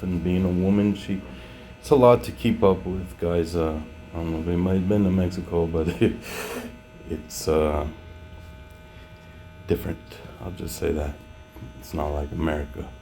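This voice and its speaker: A man telling his personal testimony in an unscripted, halting way, with many fillers and restarts, at times growing emotional. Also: low-pitched, steady tone, dark tone, a little hiss or hum. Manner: becomes emotional, voice rising. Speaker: former truck driver giving a testimony. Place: home in Mexico.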